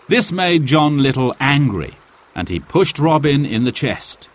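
A man reading a children's storybook aloud with slow, clear, expressive narration. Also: mid-range voice.

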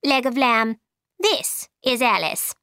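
A woman's voice: fairly high pitch, animated, takes it slowly, sharp tone, smooth, dry recording, studio quality, exaggerated voice. A woman voicing a bossy, imperious queen who gives commanding, clipped orders in a storybook reading.

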